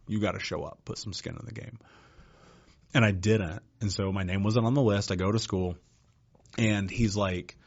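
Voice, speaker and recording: Man, podcast guest, low voice, blunt profane storytelling, muffled audio. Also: fairly even intonation, moderate pace. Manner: blunt, profane, says "dude" often. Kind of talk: casual personal storytelling.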